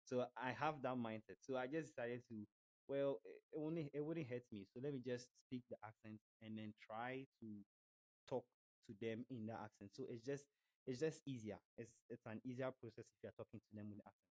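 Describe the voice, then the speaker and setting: A man's voice: medium pitch, brisk, a little mellow, rough recording. A young man from Ghana with a Ghanaian accent, talking casually as a podcast guest, chatty, laughing easily and repeating words as he restarts. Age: young adult. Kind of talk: casual interview chat.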